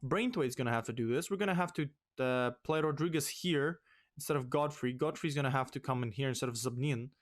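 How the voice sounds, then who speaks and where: A young man hosting a let's play, ranting in exasperation and swinging loud and high when upset. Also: fairly quick. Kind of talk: ranting game commentary.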